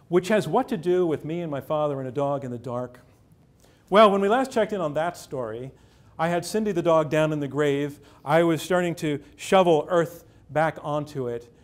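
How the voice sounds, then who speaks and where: A man, a journalist, telling a true first-person story on stage with measured pacing, dramatic pauses and dry irony. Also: fairly high pitch.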